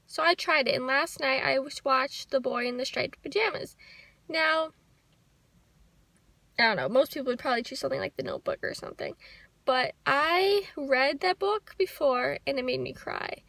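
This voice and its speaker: A young woman speaks to her camera in a personal vlog, soft, reflective and heartfelt. Her voice sits high and bright with a touch of gravelly fry. The sound is dry and close. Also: animated, moderate pace, no echo. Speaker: vlogger. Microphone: handheld camera.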